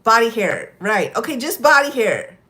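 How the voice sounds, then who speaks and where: A woman's voice: fairly high pitch, big pitch swings, normal speed, sharp tone. A woman chatting casually on a live stream, telling stories and laughing often. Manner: giggly, chatty, lots of laughter.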